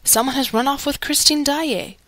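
A woman's voice: high voice, normal speed, a bit bright, dry recording, pitched above the performer's own voice. A woman reading aloud and voicing a gloomy, breathless male theatre official who speaks urgently, in a storybook.

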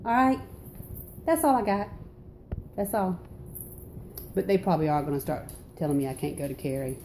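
A Southern-accented woman rants straight to her viewers in a casual vlog. Her pitch swings widely as she jumps into exclamations. Her tone stays mellow and a bit dark. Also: normal speed, a little hiss or hum. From North Carolina. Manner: animated, exclamatory, swings into high outbursts. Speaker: vlogger. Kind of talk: casual ranting monologue.

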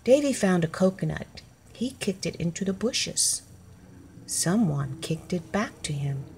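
A woman reads a children's picture book aloud in a clear, deliberate manner. Her voice sits low and she takes her time with each sentence. A faint hum of noise is heard behind her. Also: very animated, a little mellow. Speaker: storybook reader.

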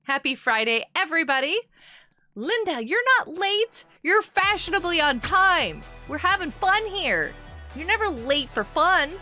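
A woman hosting a casual gameplay live stream. She chats with viewers, greets them by name and breaks into excited outbursts. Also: very high-pitched, unhurried, faint music behind.

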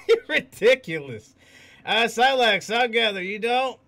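A male stream host talks loosely with his viewers, laughing as he reads their messages out. His voice sits very high and has a gravelly edge. It is bright and sharp. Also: animated, a little slow. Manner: laughs often, reads chat aloud. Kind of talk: casual livestream chat.

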